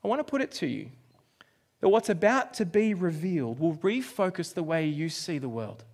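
A man's voice: on the high side, lively intonation, normal speed, darkish tone. An Australian man in his forties preaching a sermon, telling a personal story and acting out his own reactions. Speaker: pastor.

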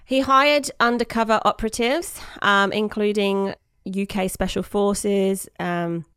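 A woman's voice: medium pitch, fairly even intonation, measured pace, a bit bright, clear, resonant tone, dry recording, clean studio sound. A woman hosting a casual podcast chat, retelling a news story and often breaking into giggles. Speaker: podcast host.

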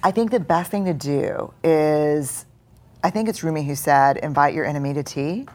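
A woman's voice: low voice, moderate pace, a little mellow. A middle-aged woman speaking earnestly as a guest in a live on-stage conversation, acting out inner voices as she goes. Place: stage before a live audience.

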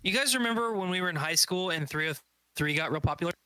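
A man's voice: sits high, expressive, fast, pushed and bright, no echo. A man co-hosting a podcast, joking and rambling through casual banter with friends. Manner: joking, rambling, does goofy voices. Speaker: podcast co-host.

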